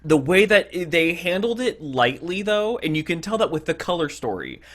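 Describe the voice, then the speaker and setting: A man's voice: a little high, big pitch swings, normal speed, a bit bright. A man co-hosting a casual podcast, retelling a TV episode scene by scene, acting out the characters' lines with frequent restarts. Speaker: podcast co-host.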